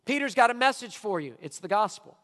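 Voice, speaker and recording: A man with a high voice preaches a sermon in a church hall, his words trailing off into a long reverb. He drives his points emphatically, dropping low and quiet before rising to loud, near-shouted lines. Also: animated, fairly quick. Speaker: pastor.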